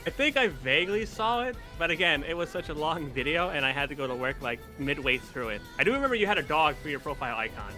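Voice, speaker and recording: Quick, frank male podcast co-host over music. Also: on the high side, lively intonation, bright, forceful tone. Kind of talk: casual chat.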